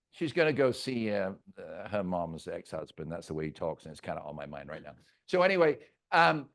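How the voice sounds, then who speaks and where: Energetic older man leading team training. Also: fairly high pitch. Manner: energetic, joking, mimics agents' complaints. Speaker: real estate team leader.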